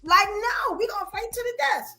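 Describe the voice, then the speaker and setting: A woman's voice: very high voice, normal speed, a loud crowd. A woman from Brooklyn with a New York accent, emphatically telling stories on a casual podcast. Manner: animated, emphatic storytelling. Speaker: podcast co-host.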